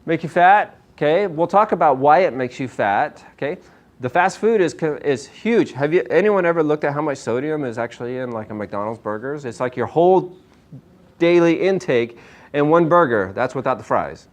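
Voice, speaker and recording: A man's voice: on the high side, moderate pace. A man giving a casual health talk to a small live audience, upbeat and a bit hyper, firing questions at the listeners. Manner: energetic, asks the audience questions, self-described hyper. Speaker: chiropractor giving a nutrition talk. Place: small meeting room with an audience.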